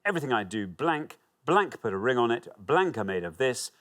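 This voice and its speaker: A man's voice: medium pitch, big pitch swings, a little fast, a bit bright. A man hosting a TV quiz show, reading clues and teasing contestants in a playful way. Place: TV studio.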